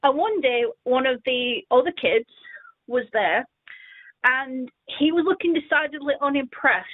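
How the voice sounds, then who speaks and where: High lady calling in, tinny phone sound, acts out all the voices in her story. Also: a little slow, no echo. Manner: animated, acts out the quoted voices. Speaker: caller. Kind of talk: telling a childhood story on a call-in show. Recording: dry tinny phone line.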